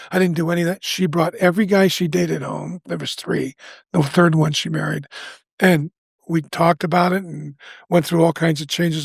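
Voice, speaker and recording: Gravelly, husky older man telling a story. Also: a little high, dry recording. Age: 70s. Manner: earnest, restarts often, acts out quoted lines. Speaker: guest. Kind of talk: candid storytelling in a podcast interview.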